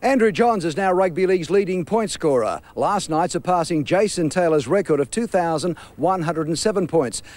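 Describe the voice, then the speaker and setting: A man's voice: fairly high pitch, animated, normal speed, hardly any pauses, a little mellow. A man reading sports news headlines in a formal style. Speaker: newsreader. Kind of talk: news read.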